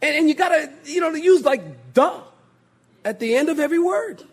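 A male pastor preaching a sermon, joking and mimicking pompous prayer voices, husky in tone. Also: very high voice, animated, normal speed.

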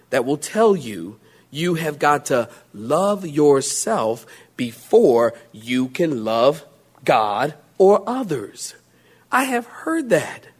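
Male preacher, high and lively, playful mockery, drawn-out emphasis. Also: breathy edge. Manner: animated, mocking self-pity in playful put-on voices. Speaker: pastor. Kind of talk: sermon.

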